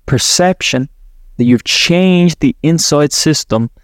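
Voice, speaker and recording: Male podcast coach, slightly high voice, loose rambling delivery, dry close-miked sound. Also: takes it slowly, smooth, no room sound. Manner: rambling, self-correcting, laughs at himself. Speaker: podcast host, NLP coach. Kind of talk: guided visualization talk.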